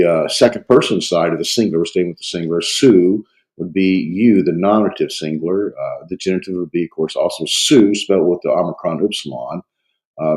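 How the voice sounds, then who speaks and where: A man with a cold teaching a Greek grammar review, talking haltingly with many fillers and thinking aloud. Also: deep voice, darkish tone, low-quality recording. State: has a cold. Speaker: Greek instructor.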